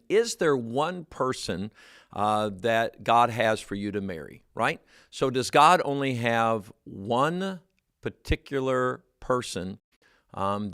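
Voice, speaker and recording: A man's voice: on the low side, fairly bright tone, dry recording. A man with a Texan accent who is a pastor, talking in a chatty, upbeat way on a church studio show.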